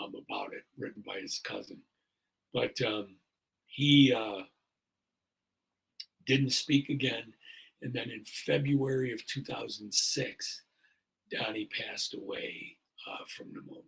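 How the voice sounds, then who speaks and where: A man's voice: mid-range voice, gravelly, fairly bright tone, slightly rough, rough recording. A man in his sixties, a fire chief and podcast guest, telling a story in an earnest, rambling way with many fillers. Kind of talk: casual storytelling in a podcast interview.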